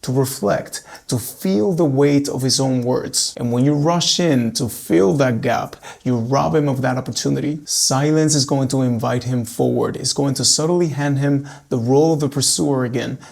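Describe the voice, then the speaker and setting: A man working as a relationship coach, speaking calmly and steadily straight to his women viewers, just back from an illness that cost him his voice. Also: medium pitch, vocal fry. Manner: calm, measured, addressing women viewers directly. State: recently recovered from losing his voice. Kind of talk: direct-to-camera advice talk.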